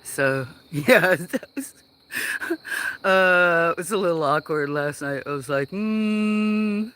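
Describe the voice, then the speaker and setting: Bright-voiced man rambling on a livestream. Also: a little high, takes it slowly, clean tone. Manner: rambling, meandering with many fillers. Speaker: livestream host. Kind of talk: casual livestream chat. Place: farm outdoors.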